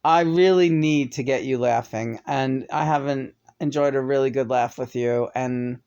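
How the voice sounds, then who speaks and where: A woman's voice: rumbling low, normal speed, mellow, clear, resonant tone, dull audio. A woman co-hosting a casual couple's chat show, talking candidly and chattily and swearing freely.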